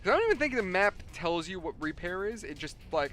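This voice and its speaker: Bright-voiced New York streamer, chatty. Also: male voice, sits high, sing-song, quick pace, faint music behind. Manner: rambling storyteller, swears freely. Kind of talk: casual gaming chat.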